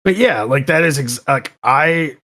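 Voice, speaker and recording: A man guesting on a podcast, chatting casually and telling animated stories with plenty of swearing. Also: mid-range voice, a little slow. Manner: swears freely, animated storytelling. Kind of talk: casual chat.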